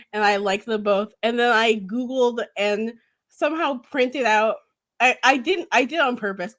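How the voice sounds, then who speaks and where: A woman co-hosting a podcast, telling candid stories in casual chat with frequent laughter. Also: fairly high pitch. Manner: laughing, candid, animated storytelling. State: hiccups. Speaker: podcast co-host.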